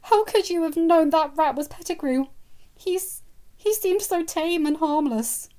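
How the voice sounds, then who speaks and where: A woman doing a shrill, frantic witch mother. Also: lively intonation, a little slow. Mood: tearful. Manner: shrill and tearful, near shouting. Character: frantic, fiercely protective middle-aged witch mother.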